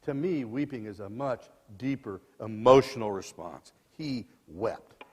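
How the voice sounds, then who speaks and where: A man in his sixties preaching a sermon as dramatic storytelling, swinging between loud and soft passages, in a church sanctuary. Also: medium pitch, animated, unhurried, husky. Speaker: lay preacher. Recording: long church reverb.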